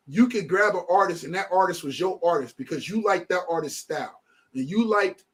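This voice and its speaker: A middle-aged man hosts a podcast in easy, casual chat. His voice sits fairly high for a man, and he rambles along animatedly, restarting his sentences. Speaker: podcast host.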